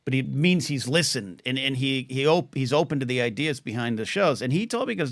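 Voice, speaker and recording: Animated man co-hosting a talk stream. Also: medium pitch, a little fast, few pauses, no echo, studio quality. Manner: animated, talks over his partner with many restarts. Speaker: co-host. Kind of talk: casual livestream chat.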